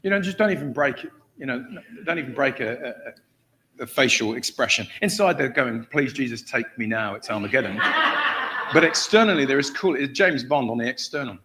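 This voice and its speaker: An English guest preacher at a church tells a story in a mid-range, slightly quick voice over a noisy background. He's an animated storyteller, acting out shouted voices and laughing often as part of his sermon.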